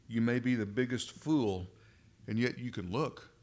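A man preaching a sermon in an emphatic, deliberate way, leaning on repeated phrases. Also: mid-range voice, a little mellow.

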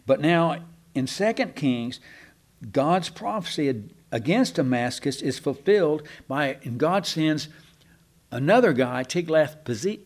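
A man teaching a Bible class in a folksy, rambling way, with asides to his listeners. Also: fairly high pitch.

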